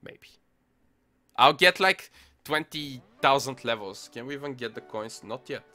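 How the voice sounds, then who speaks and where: Bright-voiced young man swearing over gameplay. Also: medium pitch, measured pace. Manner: excitable, swears often, mutters to himself. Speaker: gaming channel host. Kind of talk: casual mobile gameplay commentary. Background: faint music playlist.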